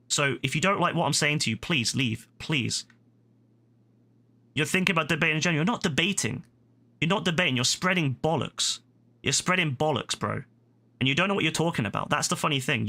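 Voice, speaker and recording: A man's voice: fairly high pitch, expressive, brisk, pushed and bright. A British man livestreaming a game, ranting heatedly at a viewer in chat, profane and repetitive. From Britain. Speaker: gaming livestreamer. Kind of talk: angry rant at a chat viewer.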